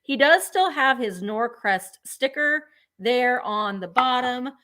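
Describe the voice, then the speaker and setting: Bright, gushing woman selling live. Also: on the high side, lively intonation, slow. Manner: gushing, chatty, enthusiastic about items. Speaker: live sale host.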